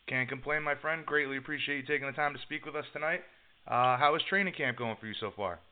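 Brash sports radio host on a phone line. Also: male voice, mid-range voice, fast, no echo. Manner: casual, brash sports-talk delivery. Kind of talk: sports news recap and interview. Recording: dry phone-quality line.

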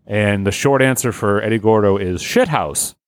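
A man in a casual podcast chat, teasing his friends and quick to laugh. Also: fairly low pitch, no room sound. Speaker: podcast co-host. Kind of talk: casual banter.

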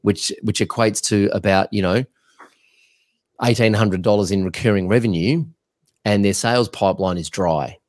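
A man co-hosting a podcast, giving business coaching advice in an energetic, blunt, rambling way. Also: fairly low pitch, normal speed.

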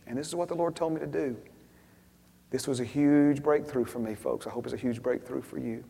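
Man, preacher, storytelling sermon, quiet asides then loud emphatic bursts, long hall echo. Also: a little high, fairly even intonation, moderate pace, vocal fry.

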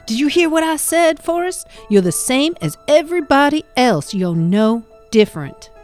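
A woman's voice: high-pitched, very animated, normal speed, a little mellow, faint music behind, voice pushed up. A woman playing a determined mother who insists and pleads on behalf of her son in a comedy podcast reenactment. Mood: insistent.

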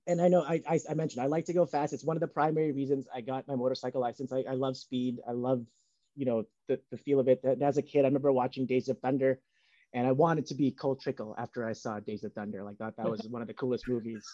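A man's voice: mid-range voice, steady tone, fast talker, mellow, no echo, lo-fi sound. A man co-hosting a podcast in casual banter, joking and rambling with lots of ums. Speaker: podcast co-host. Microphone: home setup on video call.

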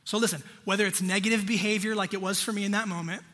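Man, pastor preaching, conversational, husky voice, church hall echo. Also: high-pitched, fairly even intonation, quick pace, pushed and bright. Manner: conversational, direct address to congregation. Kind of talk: sermon.

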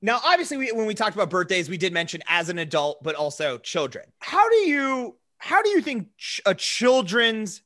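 High bright guy riffing on a comedy podcast, swears a lot, super lively. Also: normal speed, hardly any pauses. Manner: excitable, profane, riffing. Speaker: podcast co-host. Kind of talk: casual comedic banter.

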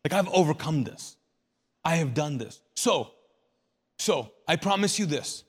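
A man's voice: a little high, animated, a little slow, breathy edge, long reverb tail. A male pastor preaching a sermon in a conversational way, asking the congregation rhetorical questions and repeating his key phrases.

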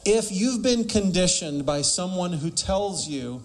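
A man's voice: high-pitched, lively intonation, unhurried. A man preaching a sermon emphatically, asking rhetorical questions and quoting scripture.

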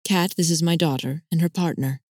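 A woman voicing a calm, firm middle-aged mother who speaks in a measured, scolding way. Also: sits low, no echo, studio quality.

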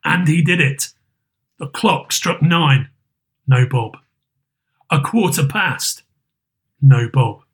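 A man narrating a classic story aloud with a lively, theatrical delivery. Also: a little high. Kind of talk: expressive storybook reading.

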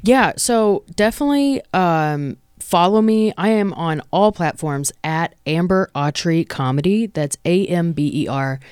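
A woman comedian guest on a podcast, chatting in a playful, warm way and swearing casually. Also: fairly low pitch, expressive, unhurried, few pauses, clean tone, no room sound, clean studio sound. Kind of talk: casual chat.

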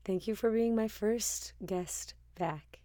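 A woman's voice: mid-range voice, slow, no room sound. A woman podcast host, casual and affirming, thanking her guest and prompting with short questions. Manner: warm, affirming, many "mm-hmm"s. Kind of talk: casual interview chat.

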